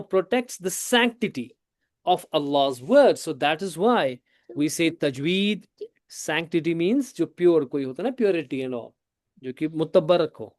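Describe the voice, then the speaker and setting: A man's voice: high-pitched, darkish tone, no room sound, studio quality. Man teaching a class, switching into Hindi. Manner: explains slowly with repeated questions, mixing English with Hindi. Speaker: tajweed teacher. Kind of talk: classroom lesson.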